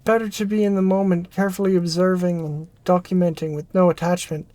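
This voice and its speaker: A performer reading a narrative game aloud, voicing an excitable former research assistant who rambles and restarts mid-thought. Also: mid-range voice, brisk, no room sound, close to an everyday voice. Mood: chatty. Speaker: game character voice.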